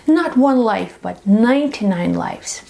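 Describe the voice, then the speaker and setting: Woman voicing a serene god, unhurried and gently ironic. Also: sits high, animated, creaky, heavily acted. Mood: wry. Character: calm, wry male Hindu god.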